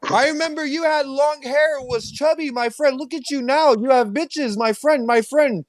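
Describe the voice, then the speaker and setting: A doting older shopkeeper gushes over a regular customer in a high, sing-song voice, as a man puts him on. He talks in short, effusive bursts and repeats his greeting again and again. The sound is dry and close. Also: normal speed, dry recording.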